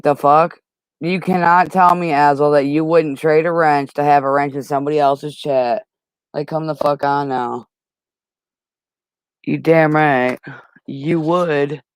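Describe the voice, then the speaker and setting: Streamer guy cussing out his chat, kinda high voice, smooth and dry close mic. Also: no room sound. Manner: profane, argumentative, heated. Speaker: livestream host. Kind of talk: casual livestream chat.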